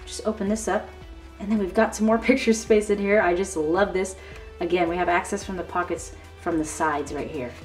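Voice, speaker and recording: A woman's voice: fairly low pitch, fairly even intonation, fairly quick. A woman hosting a crafting tutorial, gushing and chatty as she shows off her work in a casual demonstration. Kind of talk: casual show-and-tell demonstration. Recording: slightly distant mic with faint background music.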